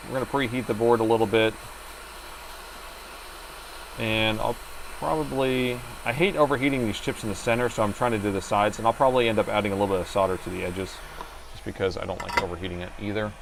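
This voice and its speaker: A man's voice: lowish voice, a little fast, gravelly, long pauses, background noise. A man hosting a live stream, chatting casually and explaining each step of a repair while joking with viewers. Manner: chatty, explains steps while working, jokes with chat. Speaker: livestream repair host.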